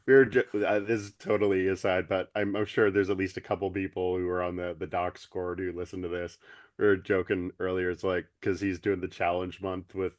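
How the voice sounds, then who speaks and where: A man's voice: low-pitched, level tone, fairly quick, no echo, clean studio sound. A man co-hosting a podcast, chatting casually and jokingly about a cartoon episode in an easygoing way. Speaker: podcast co-host.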